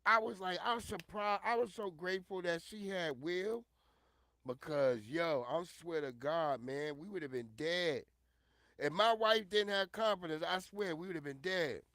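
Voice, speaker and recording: A man giving loud, profane, animated commentary on a casual livestream. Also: high-pitched, moderate pace, dry recording. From Northern Virginia. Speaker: streamer commentator.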